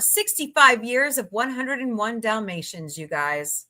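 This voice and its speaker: A woman from the United States hosts a casual live stream, reacting aloud as she reads the news and greets her viewers. Her voice has a bright, forward edge, and she takes her time with every phrase. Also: a little high, unhurried. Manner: chatty, reacts aloud while scrolling, frequent laughs. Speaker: livestream host. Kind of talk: casual live chat, reading headlines.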